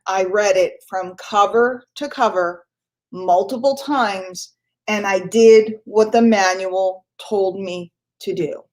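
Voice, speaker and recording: A middle-aged woman giving an emphatic, energetic motivational morning talk to her business team, often laughing. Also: medium pitch. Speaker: network marketing trainer.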